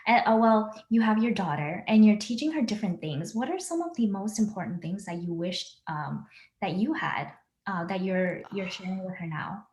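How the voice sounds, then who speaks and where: A woman's voice: mid-range voice, expressive, moderate pace, a little mellow. Bubbly woman host in a roomy space. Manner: bubbly, giggly, says "like" a lot. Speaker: podcast host. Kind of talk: casual interview chat.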